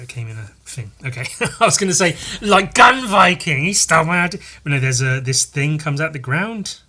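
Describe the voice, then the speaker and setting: A man's voice: on the high side, pushed and bright. A man hosting a podcast, casually reading a comic aloud, rambling, laughing and muttering asides. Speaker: podcast host.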